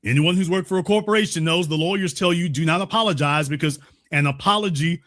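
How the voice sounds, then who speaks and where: Guy ranting over the news, high and bright voice, gets loud and sarcastic. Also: quick pace. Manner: heated, sarcastic, at times shouting. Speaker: commentator. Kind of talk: news commentary.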